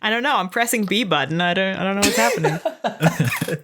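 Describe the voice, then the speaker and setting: Woman player, bright, crisp voice, jokey, mid pitch. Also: very animated, fairly quick, slight background noise. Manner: playful, joking. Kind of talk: playing a tabletop game.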